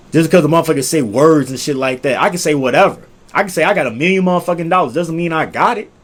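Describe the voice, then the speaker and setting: A young man, giving profane, preachy relationship advice in a casual monologue that keeps circling back to the same points. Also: high-pitched. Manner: profane, preachy, repetitive, rises loud when making a point. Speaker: relationship vlogger.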